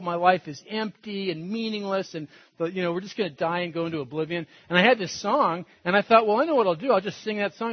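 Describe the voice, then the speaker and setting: An older man gives a personal testimony, acting out the people in his story with animated shifts. His voice sits high and husky. The recording is dull and dry, with no room sound. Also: dry recording. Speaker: testimony speaker.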